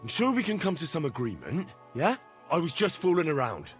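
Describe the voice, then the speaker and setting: A smooth-talking young servant, lively and placating. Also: male voice, a little high, fairly quick, soft background music. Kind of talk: video game voice acting.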